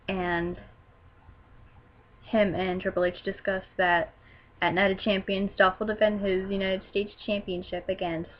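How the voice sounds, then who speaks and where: Excitable teenage girl gushing. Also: fairly low pitch, muffled recording, slight background noise. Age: teens. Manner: gushing, excitable, with loud outbursts. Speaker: wrestling show reviewer. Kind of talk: casual recap.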